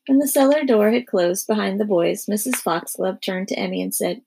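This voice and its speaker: Gravelly woman reading a children's story. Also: mid-range voice, normal speed, few pauses. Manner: gently voices each character's lines. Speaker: narrator. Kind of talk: storybook read-aloud.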